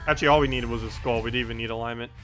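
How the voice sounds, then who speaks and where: A chatty male game streamer with a bright, forward voice, talking casually as he plays and answers viewers. He laughs easily and drifts between thoughts, with faint game music under him. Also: medium pitch, fairly even intonation, rapid-fire. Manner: chatty, reading out chat and laughing often. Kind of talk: casual live-stream chat. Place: home in South Carolina.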